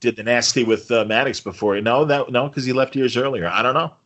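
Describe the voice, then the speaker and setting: Male co-host, mid pitch, casual rambling chat, jokey. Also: fairly even intonation, fairly quick. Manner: rambling, joking, many filler restarts. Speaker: podcast co-host. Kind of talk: casual chat reviewing a TV episode.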